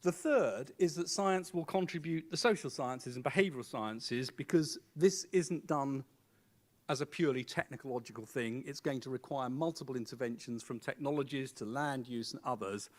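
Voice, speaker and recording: Man, middle-aged, formal conference speech, measured, deliberate, lists points in order. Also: mid-range voice.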